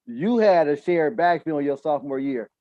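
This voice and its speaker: Profane fast-talking man, dull dry sound. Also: fairly high pitch, expressive, no room sound. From United States. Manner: loose and profane, many asides and restarts. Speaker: podcast host. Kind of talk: casual chat.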